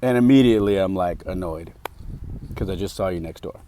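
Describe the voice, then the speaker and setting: A podcast host with a deep, dark voice tells a story at a fairly quick clip in a casual, emphatic, heated monologue packed with fillers. There's slight background noise.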